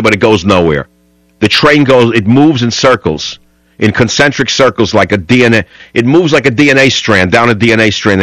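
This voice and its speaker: A man's voice: lowish voice, a bit bright, no room sound, poor audio. A man hosting a talk radio show, rambling and combative in a studio.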